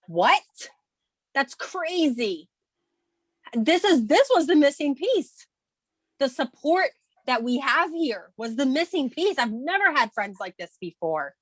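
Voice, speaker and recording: A woman's voice: fairly high pitch, fairly bright tone, dry recording. Woman, thirties, video call co-host, candid, emotional, emphatic bursts, dry sound. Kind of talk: casual motivational chat.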